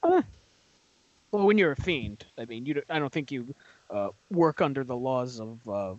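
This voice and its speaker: A man's voice: medium pitch, expressive, normal speed, dry recording, highs cut off. A man co-hosting a wrestling watch-along, dropping wry jokey asides. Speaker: podcast co-host. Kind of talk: casual watch-along commentary.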